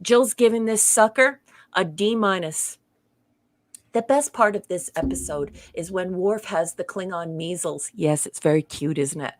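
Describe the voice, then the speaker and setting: A woman's voice: fairly low pitch, unhurried, dry recording. Female podcast co-host, emphatic, affirming, reads comments aloud. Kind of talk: casual review chat.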